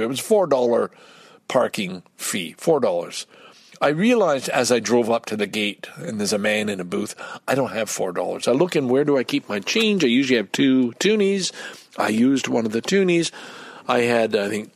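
Gravelly older man rambling. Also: medium pitch, no room sound. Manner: rambling, halting, candid storytelling. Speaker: vlogger. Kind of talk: casual personal vlog.

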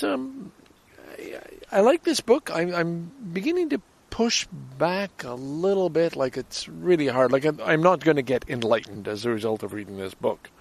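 An older man from Canada rambling to his listeners in a casual outdoor audio vlog, stopping and restarting his thoughts as he goes. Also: mid-range voice. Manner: rambling, self-interrupting, talks to listeners. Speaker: vlogger and podcaster. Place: outdoors in a city, at a station and on a bench. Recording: city street and vehicle noise.

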